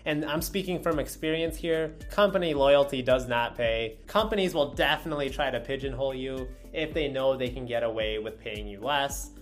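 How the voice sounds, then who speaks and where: A man's voice: mid-range voice, moderate pace, hardly any pauses, soft background music. A man hosting a video, reading an article aloud with wry, joking asides in casual commentary.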